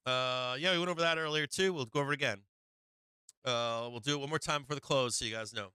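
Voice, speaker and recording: A man hosting a live stock market stream, chatting casually with profanity, frequent laughter and sudden animated bursts. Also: medium pitch, fast talker, clear, resonant tone, no echo. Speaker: stock market livestream host. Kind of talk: casual live trading commentary.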